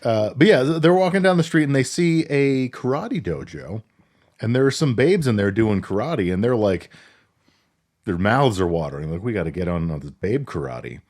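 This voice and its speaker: A man's voice: mid-range voice, sing-song, moderate pace, a little mellow. A man co-hosting a podcast, casually recapping a film with crude jokes. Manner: laid-back storyteller, crude jokes. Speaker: podcast co-host. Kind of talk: casual movie recap chat.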